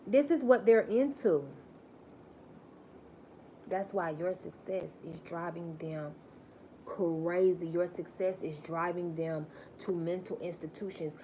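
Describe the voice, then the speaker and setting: A woman's voice: lowish voice, darkish tone, a little hiss or hum. A woman giving a live-stream spiritual message, emphatic and preachy, repeating phrases for stress.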